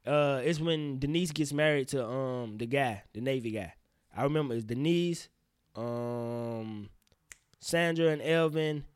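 A man hosting a casual solo podcast, rambling in slang with profane, animated outbursts. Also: mid-range voice, a little slow, clear, resonant tone, no room sound, studio quality. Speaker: podcast host.

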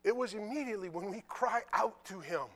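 A man preaching a sermon, reading scripture and retelling it in casual, conversational dialogue, with quiet asides in between. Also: sits high, a little fast. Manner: animated, drops to quiet asides.

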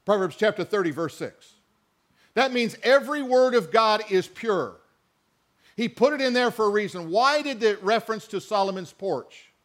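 A man's voice: high-pitched, expressive, normal speed, a bit bright. A man preaching a sermon, reading scripture and mixing in conversational asides and questions to the congregation. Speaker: pastor.

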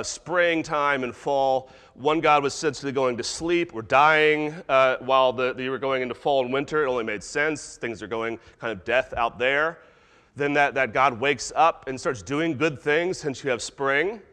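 A man preaching a sermon, animated, acting out quoted voices as he goes. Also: medium pitch, clear, resonant tone, long reverb tail. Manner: animated, acts out voices of disciples and God. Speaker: pastor.

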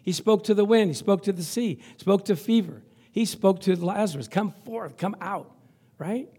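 A male pastor preaching a lively sermon, chuckling often and reading scripture aloud. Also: high voice, moderate pace, husky.

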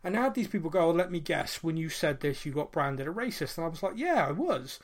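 This man, a late-thirties podcast co-host, speaks quickly in a fairly high, sing-song voice. He recounts a personal story in casual conversation, reflective and earnest, with many fillers and restarts.

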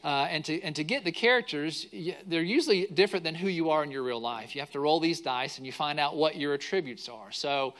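Pastor, male, middle-aged, bright tone, lively sermon storytelling. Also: on the high side, fairly quick, few pauses. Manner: animated storyteller acting out quotes.

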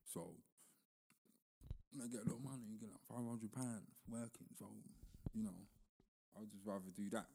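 A man's voice: lowish voice, normal speed, vocal fry, long pauses. Slangy man telling stories. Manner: loose, animated storytelling with slang. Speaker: podcast co-host. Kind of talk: casual chat.

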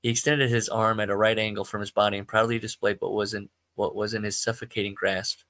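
Male podcast host reading fiction, rambling and self-correcting; lowish, bright tone. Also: flat delivery, quick pace. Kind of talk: reading amateur fiction aloud, with asides.

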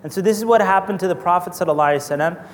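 A man with a fairly high voice gives an earnest religious lesson, moving between storytelling and Arabic recitation. His voice rings in a hall with long reverb. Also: rapid-fire, slight background noise. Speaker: Islamic teacher.

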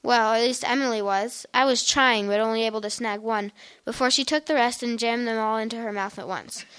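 A woman reading a first-person story aloud in a plain, steady way. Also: a little high, brisk, clean tone.

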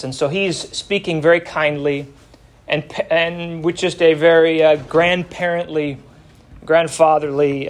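Folksy man teaching a Bible class. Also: fairly high pitch. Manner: folksy, anecdotal, stresses key words. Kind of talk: Bible lesson with storytelling.

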